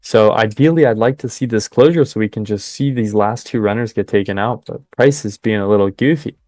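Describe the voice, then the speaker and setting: A young man hosting a live trading stream, chatting with viewers and cheering the market on in excited bursts. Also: on the low side, brisk, dry recording, studio quality. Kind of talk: live trading commentary with chat.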